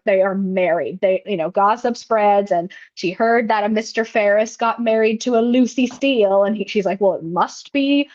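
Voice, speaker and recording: A woman with a fairly high voice co-hosts a film podcast, casually recapping a movie with lots of fillers and restarts. The audio sounds lo-fi.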